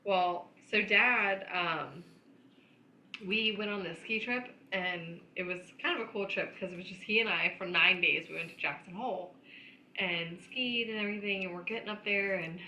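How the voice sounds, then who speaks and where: A woman tells a family story on a podcast, chatty and quick to laugh. Her voice is bright and sharp. The room is echoey, with a faint noise behind her. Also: mid-range voice. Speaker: podcast co-host. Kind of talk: casual storytelling chat.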